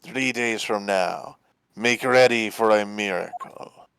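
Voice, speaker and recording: A man's voice: fairly low pitch, slow pace, gravelly, a bit bright, clean tone, no echo, exaggerated voice. A man doing a grandiose haughty stage magician. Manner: grand, theatrical pronouncements. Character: haughty middle-aged male stage magician. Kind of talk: voicing game characters live.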